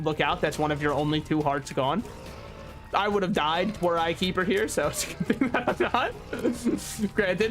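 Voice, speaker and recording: A man's voice: a little high, fairly bright tone. A man giving casual, sarcastic gameplay commentary as a streamer, mocking himself and swearing freely. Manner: sarcastic, self-mocking banter.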